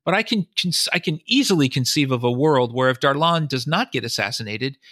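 A man's voice: mid-range voice, lively intonation, a little fast, fairly bright tone, dry recording, studio quality. A man, a historian and author, giving long explanatory answers in a podcast interview, often quoting sources and thinking aloud.

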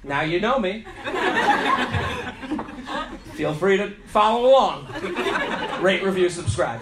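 High-voiced man hosting a live comedy podcast. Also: unhurried, long pauses. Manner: animated, joking, swearing storyteller. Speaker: podcast host. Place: comedy club stage before a live audience. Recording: echoey club with audience noise.

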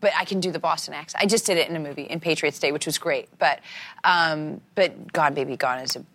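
An actress in her forties chatting in a talk-show interview, telling animated stories and acting out the quotes. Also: low voice, quick pace. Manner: animated storyteller, acts out quotes. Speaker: actress guest.

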